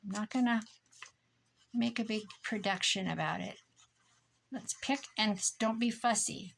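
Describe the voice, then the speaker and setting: Slow, tired woman crafting and chatting. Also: medium pitch, gravelly, a bit bright, slight background noise. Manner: chatty, self-deprecating, muttering to herself. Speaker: crafting vlogger. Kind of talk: casual crafting narration.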